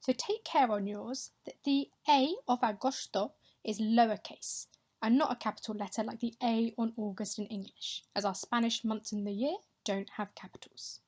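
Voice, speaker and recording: A young woman teaching a recorded Spanish lesson over slides, speaking clearly and patiently and modelling pronunciation slowly for her pupils to repeat. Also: on the high side, steady tone, a little mellow. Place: home or classroom, voice-over on slides.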